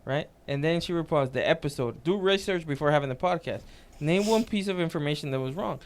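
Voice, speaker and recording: A man co-hosting a casual podcast, telling an animated story and reading comments aloud. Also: a little high, fairly quick. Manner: animated storytelling, reads out comments, laughs a lot. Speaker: podcast co-host.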